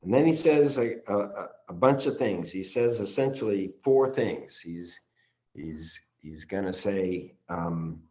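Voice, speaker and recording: A man leading a study session, reading passages aloud and commenting with many pauses, restarts and ums, earnest and sometimes emotional. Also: low voice, lively intonation, warm tone. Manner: earnest, gets emotional at times. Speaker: study group leader. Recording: slightly dull, lo-fi audio.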